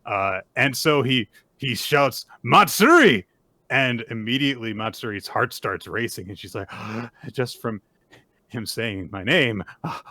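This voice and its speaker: A man's voice: mid-range voice, dry recording. A man co-hosting a podcast, recapping manga chapters in casual chat with sarcastic asides and lots of filler words. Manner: animated, sarcastic retelling with frequent "like" and "uh". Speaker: podcast co-host.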